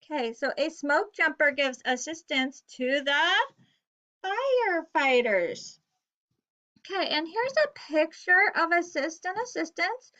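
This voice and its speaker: Slow, bright-voiced woman teaching children. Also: sits high, big pitch swings, dull audio. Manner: slow, clear, encouraging teacher talk to young pupils. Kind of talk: recorded reading lesson for children.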